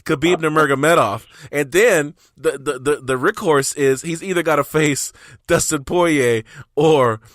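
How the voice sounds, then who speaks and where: A man's voice: on the high side, unhurried, a bit bright, no echo, clean studio sound. A man co-hosting a combat sports podcast in casual chat, arguing his point playfully and acting out mock quotes. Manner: playful, argues with mock-dramatic quoted voices. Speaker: podcast co-host.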